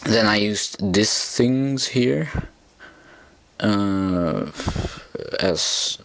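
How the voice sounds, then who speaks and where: Slow, deep-voiced man, hesitant and chatty. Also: creaky, a bit bright, slight background noise. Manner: hesitant, many fillers and restarts; self-mocking, chatty. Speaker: toy model reviewer. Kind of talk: casual product review.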